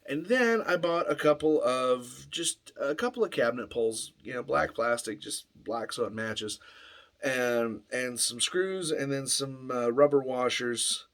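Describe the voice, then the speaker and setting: A man's voice: mid-range voice, unhurried, fairly bright tone. A man casually telling a rambling story in a workshop vlog, full of fillers and restarts. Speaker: vlogger. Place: home workshop.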